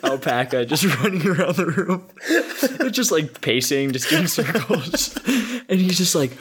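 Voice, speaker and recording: A man's voice: fairly high pitch, big pitch swings, unhurried, a bit bright, slightly rough. A young man telling a funny story in casual chat, laughing often and filling his talk with "like" and "dude".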